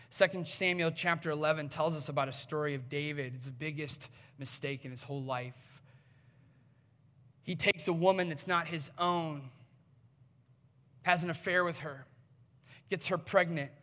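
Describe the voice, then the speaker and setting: A man delivers a sermon in a bright, fairly high voice that carries easily. He tells the story and acts out its voices. His words ring through a long, echoing church hall. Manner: storytelling preacher, acts out quoted voices, builds to a forceful climax. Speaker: pastor.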